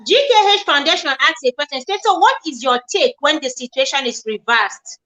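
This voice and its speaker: Woman host, high bright voice, playful and chatty. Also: animated, moderate pace, low-quality recording. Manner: playful, urging viewers to share and reading out comments. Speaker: talk show host. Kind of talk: casual chat.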